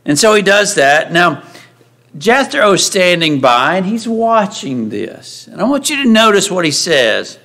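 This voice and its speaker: Conversational preacher man, slightly high voice. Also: big pitch swings, measured pace, gravelly, sharp tone. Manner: conversational, asks the congregation frequent rhetorical questions; acts out the voices of Bible figures when quoting them. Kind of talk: sermon. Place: church sanctuary.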